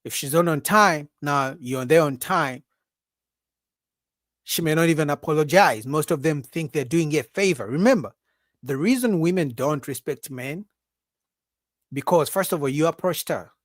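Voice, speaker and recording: A man hosting a livestream speaks at moderate speed with long pauses, captured cleanly in a studio with no room sound. Animated and emphatic, he rambles through a casual opinion monologue of repetition and "right?" asides, acting out women's voices in a high, mocking tone.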